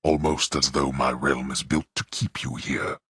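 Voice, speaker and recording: An actor voicing a stern, cold male god-king of the underworld in a video game, speaking with contemptuous, imperious authority in a deep gravelly voice. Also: flat delivery, moderate pace, fairly bright tone, no echo, full character voice. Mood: mocking disdain. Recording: dry studio recording.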